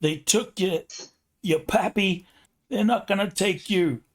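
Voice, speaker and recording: A man's voice: high voice, slow pace, voice pushed up. A man voicing a stubborn, protective alien mother of a big family, with a thick New York accent, in a tabletop game. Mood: fierce. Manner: defiant, fierce.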